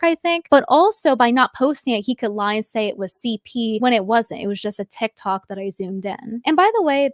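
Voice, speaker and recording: A woman's voice: fairly high pitch, dry recording. Sardonic woman recapping drama, dry sound. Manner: sardonic, matter-of-fact recap. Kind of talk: reaction commentary.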